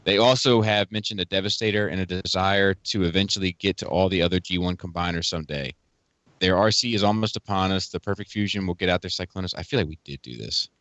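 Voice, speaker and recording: Deep-voiced man reading listener mail. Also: quick pace, a bit bright, no room sound, muffled recording. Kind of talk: casual group chat.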